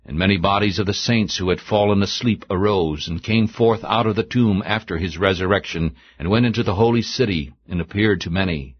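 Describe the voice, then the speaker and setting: A man giving a steady, solemn, unhurried reading of scripture. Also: sits low, slightly rough, dull audio. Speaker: scripture reader.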